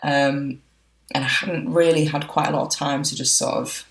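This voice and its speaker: A woman's voice: low-pitched, fairly even intonation, normal speed, vocal fry, rough recording. A woman, a wedding photographer being interviewed, talking in a chatty, reflective way with frequent fillers. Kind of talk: casual interview chat.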